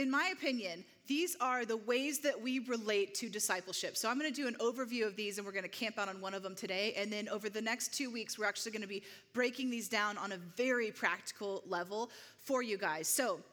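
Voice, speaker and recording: A woman's voice: medium pitch, fairly quick, pushed and bright. A woman preaching a conversational sermon to a congregation, often checking in with "right?". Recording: long hall reverb.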